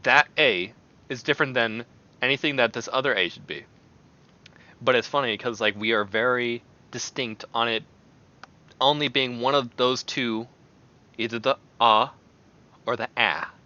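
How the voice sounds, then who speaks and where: A man streaming and chatting casually, in an animated, rambling way that often breaks into exclamations. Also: medium pitch, a little slow, long pauses, muffled recording.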